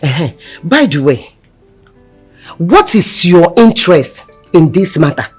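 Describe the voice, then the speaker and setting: An actress with a Nigerian accent playing a sharp-tongued village mother who questions her children dismissively. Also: fairly low pitch, very animated, takes it slowly, husky, heavily acted. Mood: probing. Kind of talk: Nollywood film acting. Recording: film audio with music score.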